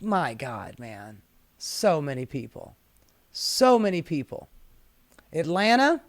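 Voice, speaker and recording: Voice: medium pitch, very animated, slow pace. A host giving casual commentary while reading protest signs aloud, sassy and profane, laughing often.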